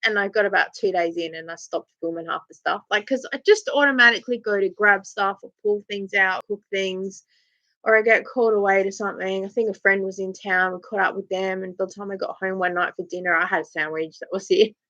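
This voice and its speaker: A woman's voice: mid-range voice, steady tone, fairly quick, sharp tone, dry recording, dull audio. An Australian woman in her forties hosting a casual live chat, telling stories with frequent laughter. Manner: chatty storytelling, laughs often, acts out voices. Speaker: live-stream host.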